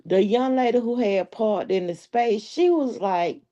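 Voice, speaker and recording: A woman's voice: mid-range voice, sing-song, measured pace, few pauses, warm tone, dull audio. A woman hosting a live stream, telling a story in a sassy, profane, laughing way. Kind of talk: casual live-stream commentary.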